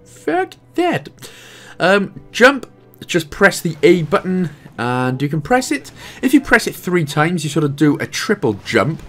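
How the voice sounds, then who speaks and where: A Welsh man talks through a video game guide in a relaxed, joking way. His voice sits a little high for a man and swings up and down a lot as he chats. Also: normal speed, faint music behind. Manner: chatty, jokey, self-mocking asides. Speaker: gaming guide host. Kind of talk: game walkthrough commentary.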